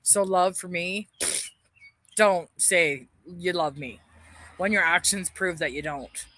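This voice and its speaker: A woman's voice: fairly low pitch, slow pace, sharp tone, a little hiss or hum. A woman ranting bitterly on a livestream, swearing heavily and airing her grievances. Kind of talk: angry livestream rant.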